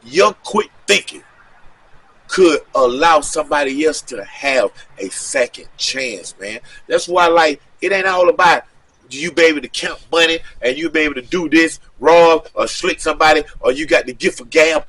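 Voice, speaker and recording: A middle-aged man tells a true street story in a loose, animated way, heavy with slang. His voice sits a little high and has a forceful, bright edge. He keeps tagging "man" onto the ends of his phrases. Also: moderate pace, breathy edge, recorded from a distance. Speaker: storyteller recounting street life. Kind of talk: casual storytelling.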